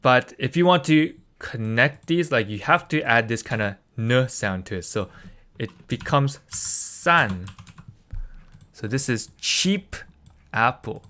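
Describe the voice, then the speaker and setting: Slow, bright-voiced man tutoring casually. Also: medium pitch, lively intonation. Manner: patient, drills syllables by repeating them, many "like" fillers. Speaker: Korean language tutor.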